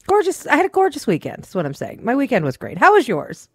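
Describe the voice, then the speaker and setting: A woman co-hosting a radio show, telling a weekend story in casual, swearing, animated chat. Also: a little high, fast, slightly rough, dry recording. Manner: chatty storyteller, swears freely, acts out quotes.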